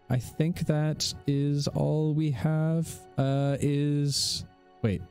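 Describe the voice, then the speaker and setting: A man hosting and narrating a live tabletop game as game master, relaxed and chatty, often laughing. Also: medium pitch, clear, resonant tone. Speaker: game master and show host.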